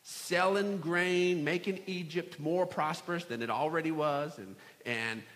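A man preaching a sermon in a church, acting out the scripture scenes with shouts and playful voices. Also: medium pitch, in a large hall. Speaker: pastor. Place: large church hall.

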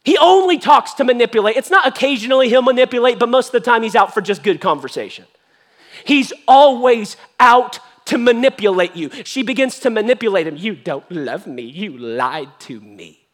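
A man preaching a sermon as pastor, telling a story in an animated, joking way. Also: extremely high pitch, brisk. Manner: animated, jokey storytelling with acted voices. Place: church.

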